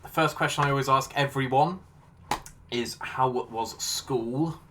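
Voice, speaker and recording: A male podcast host keeps the chat loose with jokey, self-deprecating banter. His voice sits at an ordinary middle pitch for a man. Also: measured pace, background noise. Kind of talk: casual interview chat.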